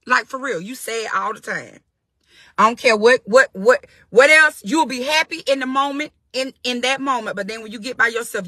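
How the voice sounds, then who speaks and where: Bright, sharp-voiced woman preaching encouragement. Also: on the high side, no echo. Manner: emphatic and conversational, repeats key phrases. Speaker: faith-based motivational speaker. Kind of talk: informal spiritual encouragement talk.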